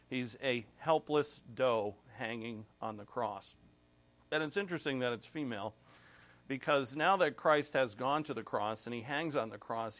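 A man's voice: mid-range voice, a bit bright. A man preaching an expository sermon, reading scripture aloud with rising emphasis and growing emotional at times. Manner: emotional, clears throat and pauses. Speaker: pastor.

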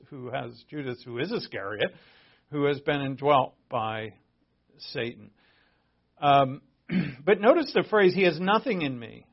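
A man's voice: medium pitch, vocal fry. A man preaching a casual sermon as pastor, talking in a conversational, emphatic way with asides and restarts. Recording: dull lo-fi audio.

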